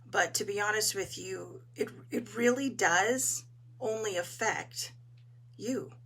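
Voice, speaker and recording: A woman hosting a casual live talk, her voice hoarse as she chats in an encouraging way and greets viewers. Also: mid-range voice, takes it slowly, a bit bright. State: hoarse, clearing her throat. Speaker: host.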